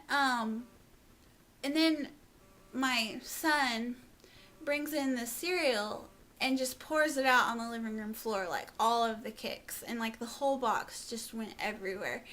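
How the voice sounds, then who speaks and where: A woman's voice: on the high side, pushed and bright. A young woman at home telling an emotional personal story on camera, rambling with lots of "like" and laughing through tears. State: tearful. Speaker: vlogger.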